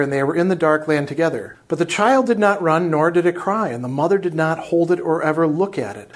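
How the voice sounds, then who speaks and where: A man giving a literature lecture, reading quoted passages aloud and then commenting on them in a conversational way. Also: fairly high pitch.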